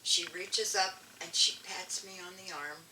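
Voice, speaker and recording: Older woman telling a lively story. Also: fairly low pitch, unhurried, slight background noise. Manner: animated storyteller with frequent restarts. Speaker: guest elder and artist. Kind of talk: storytelling interview. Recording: echoey room, distant mic, faint ambience.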